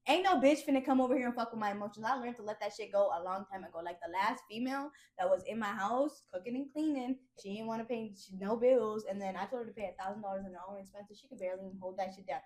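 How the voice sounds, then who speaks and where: A woman's voice: medium pitch, quick pace, few pauses, a little mellow. A young woman with AAVE speech talking bluntly and profanely as a podcast host, in casual chat.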